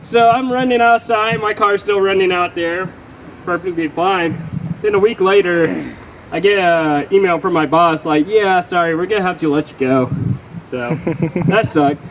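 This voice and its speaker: High-voiced young Texan man doing stand-up. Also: normal speed, slight background noise, rough recording. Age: young adult. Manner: rambling, self-mocking, loose and profane with many fillers. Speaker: stand-up comedian. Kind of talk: stand-up comedy set. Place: comedy venue with live crowd. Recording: live crowd audible. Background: audience laughing.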